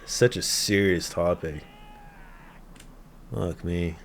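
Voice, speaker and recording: A man's voice: low-pitched, fairly even intonation, slow, slight background noise. A man hosting an anime reaction video, chatting casually, swearing and laughing often as he rambles with lots of fillers.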